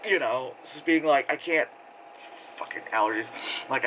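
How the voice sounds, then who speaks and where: Slight hiss or hum and poor audio quality accompany a man speaking at a moderate pace in a bright, forceful, mid-range voice. As a movie reviewer, he chats casually about a film, wandering off with lots of fillers, laughing repeatedly and imitating the characters.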